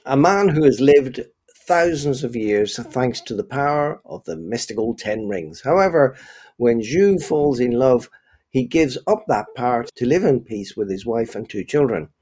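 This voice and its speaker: A man co-hosting a film podcast, calmly summarizing a plot. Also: mid-range voice, breathy edge.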